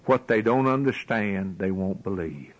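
A man's voice: low-pitched, expressive, measured pace, low-quality recording. A man preaching a sermon, building his points with rhetorical questions and a rising, emphatic cadence.

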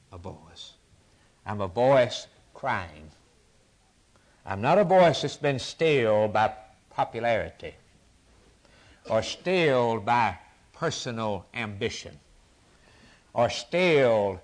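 Male preacher, very animated pitch, rhythmic revival-style sermon. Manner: impassioned, rising to near-shouts and dropping to whispers; repetitive, rhythmic preaching cadence.

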